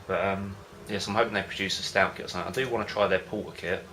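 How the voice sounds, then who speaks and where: A man with a low, steady voice that stays in a narrow band, and a bright, forward tone. He chats casually to camera as a home-brewing vlogger, rambling and hesitating as he goes. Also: fast, a little hiss or hum. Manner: rambling, hesitant, loses his thread.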